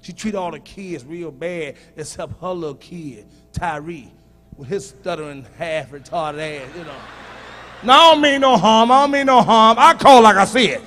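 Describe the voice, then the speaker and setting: A male stand-up comedian performing a profane set, teasing the audience and shouting punchlines at them. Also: sits high, lively intonation, moderate pace.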